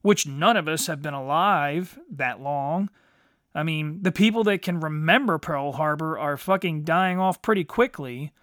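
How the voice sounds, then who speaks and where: A man's voice: on the high side, a little slow, fairly bright tone, dry recording, studio quality. A man ranting bluntly in a monologue, swearing heavily and tagging lines with "you know". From United States. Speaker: podcast host.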